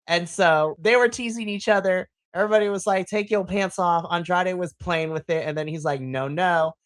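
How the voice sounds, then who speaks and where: A podcast host recapping a wrestling show in casual chat, excitable and profane, acting out their own reactions. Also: mid-range voice, a little fast, clear, resonant tone, dry recording.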